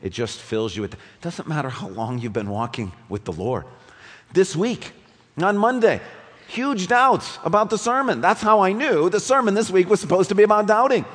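A pastor preaching a sermon, rising to emphatic peaks and dropping to quiet, low passages. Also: male voice, animated, moderate pace. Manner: dynamic preaching, swinging between loud emphatic peaks and low quiet drops. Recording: long reverb of a large hall.

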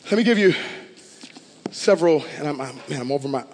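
A male pastor preaching with passion, his fairly high voice swelling into loud declarations. His words ring out with a long reverb, as in a large church sanctuary. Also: lively intonation, a little fast. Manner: impassioned, rising to loud declarations. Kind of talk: sermon.

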